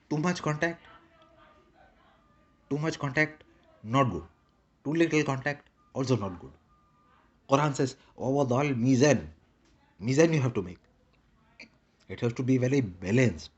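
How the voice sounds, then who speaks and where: A man's voice: mid-range voice, a little mellow, breathy edge, muffled recording. A man rambling in a casual monologue with a put-on Indian English accent, repeating short clipped broken-English phrases. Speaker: vlogger.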